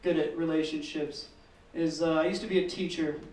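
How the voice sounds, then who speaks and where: Stand-up comic, male, high-pitched and deadpan, recorded in an echoey room from a distance. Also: moderate pace. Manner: deadpan storytelling, swearing, acting out kids in squeals. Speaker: stand-up comedian. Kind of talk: stand-up comedy set. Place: comedy open mic room.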